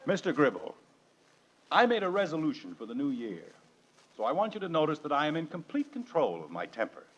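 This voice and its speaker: A man's voice: fairly high pitch, wildly swooping pitch, a little fast. An actor playing an exasperated, sarcastic suburban family father in a 1950s radio sitcom. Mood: defiant. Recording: dull old radio broadcast, faint hiss.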